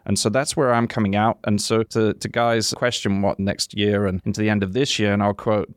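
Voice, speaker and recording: A man's voice: on the low side, level tone, a little fast, dry recording, clean studio sound. A man, a podcast guest talking casually and chuckling between his thoughts.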